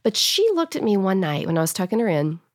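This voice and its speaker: A woman's voice: mid-range voice, big pitch swings, fast, dry recording, studio quality. A woman in her thirties, a guest talking earnestly and emotionally in a casual interview, at times choked up. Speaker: guest author.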